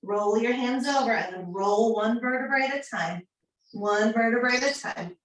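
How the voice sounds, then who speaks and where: A woman teaching a yoga class, giving calm, encouraging instructions. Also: on the high side, normal speed. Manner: calm, encouraging, gently chanting mantra syllables. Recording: roomy echo, speaker far from mic.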